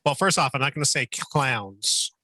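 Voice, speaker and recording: A man speaks in a bright, sharp tone over a video call, poking fun at himself and laughing. His voice sits in the middle range, and the sound is dry and close. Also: medium pitch, lively intonation, moderate pace, no room sound. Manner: self-deprecating, laughing. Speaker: guest. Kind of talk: casual group chat.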